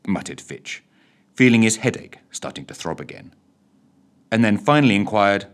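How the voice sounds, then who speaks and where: Expressive male storyteller. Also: fairly low pitch, moderate pace. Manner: expressive, theatrical. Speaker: narrator. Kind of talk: theatrical bedtime story narration.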